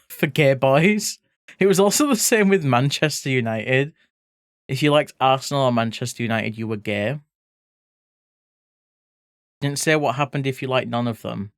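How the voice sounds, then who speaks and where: A playful art streamer chats loosely with viewers while working, reading their messages aloud and dropping the odd swear. The voice sits at a middling pitch and is recorded close and dry, with no room sound around it. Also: smooth, no echo. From England (grew up in Leeds). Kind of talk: casual chat with live viewers while drawing.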